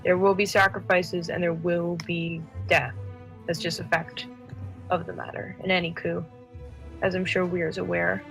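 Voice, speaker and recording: A woman's voice: fairly low pitch, flat delivery, normal speed, creaky, a bit bright, soft background music, low-quality recording. A woman playing a stern, resolute rebel fighter in a tabletop game, talking bluntly and matter-of-factly. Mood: grim. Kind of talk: in-character tabletop role-play.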